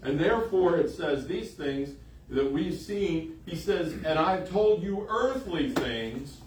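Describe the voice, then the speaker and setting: A man's voice: on the high side, a little mellow, slight background noise. A man preaching a sermon in an emphatic way, repeating phrases for emphasis. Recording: echoey room, voice from a distance.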